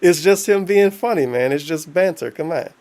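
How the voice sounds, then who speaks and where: A man's voice: fairly high pitch, expressive, normal speed, darkish tone. Mocking, profane man streaming commentary. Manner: mocking, profane, reads chat aloud. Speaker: streamer reacting to a video. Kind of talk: casual live-stream commentary.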